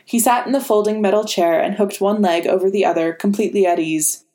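A woman reading a story aloud as narrator in a measured, dramatic way. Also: mid-range voice, steady tone, mellow. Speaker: fan fiction reader. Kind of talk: scripted narration.

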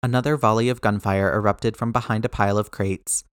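A man reading an action story aloud as narrator, brisk, slowing at tense moments. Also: lowish voice, fairly even intonation, smooth, no echo, studio quality. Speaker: audiobook narrator. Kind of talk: scripted narration.

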